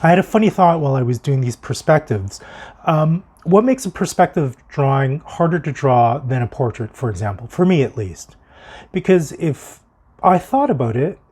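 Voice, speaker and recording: A man's voice: fairly high pitch, darkish tone, breathy edge. A man hosting his own art video, talking in a reflective, musing way and thinking aloud as he goes. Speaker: art vlogger. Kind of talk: reflective solo video monologue. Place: home art studio.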